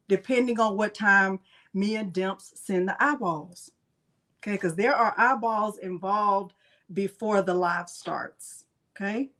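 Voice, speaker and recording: A woman's voice: mid-range voice, fairly bright tone. A woman hosting a casual crafting livestream, chatty and playful, greeting her viewers by name.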